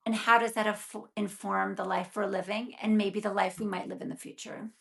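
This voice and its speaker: Gravelly-voiced middle-aged woman, chatty. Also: mid-range voice, a little fast. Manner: chatty and animated, acts out her own inner thoughts as quotes. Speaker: acupuncturist guest. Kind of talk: casual conversational interview.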